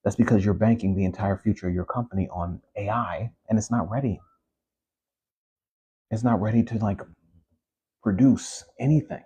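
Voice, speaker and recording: A low-voiced man with a husky, mellow tone rants to his audience in a loose, animated way. He circles back on his points, repeating phrases and leaning on conversational fillers. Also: moderate pace, long pauses. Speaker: commentary host. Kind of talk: casual opinion rant.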